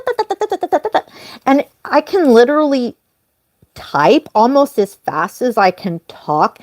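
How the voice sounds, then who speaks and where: Woman streamer chatting casually and at length, apologizing often; fairly high voice, dry room. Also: no room sound. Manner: rambling and apologetic; animated, jumps up in pitch on emphasis. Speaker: livestream host. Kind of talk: casual live-stream chat.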